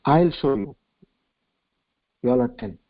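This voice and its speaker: A man voicing a calm, gently commanding wise old man who soothes others and repeats himself insistently. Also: mid-range voice, unhurried, no echo. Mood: soothing. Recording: tinny phone-like line, dry.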